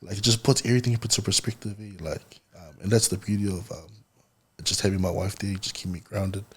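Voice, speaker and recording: A relaxed man, chatting as a podcast guest. His voice sits on the low side and has a husky, breathy grain. He tells stories easily and laughs often as he goes. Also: fairly quick. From New Zealand. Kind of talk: casual conversation.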